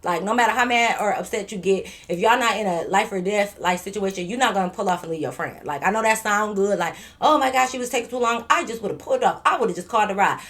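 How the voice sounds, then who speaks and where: A woman vlogger telling a story in a casual, animated, profane way, repeating herself and stuttering a little. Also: mid-range voice, quick pace, few pauses.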